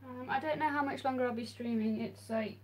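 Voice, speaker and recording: A woman's voice: high voice, brisk, darkish tone. A young woman from the English Midlands, chatting casually with her livestream viewers while she draws, answering their messages with frequent ums. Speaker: streamer.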